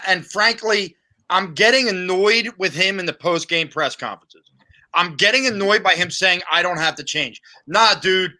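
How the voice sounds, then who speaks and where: A man co-hosting a sports podcast, talking in an animated, sarcastic, conversational way. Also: high-pitched. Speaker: podcast co-host. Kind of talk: opinionated sports podcast talk.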